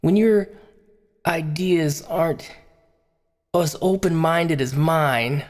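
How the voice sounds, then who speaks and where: A man's voice: on the high side, slow. A man voicing a self-righteous woman pundit in a comedy sketch, preachy and repeating one word, in an echoey hall. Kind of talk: comedy sketch role-play.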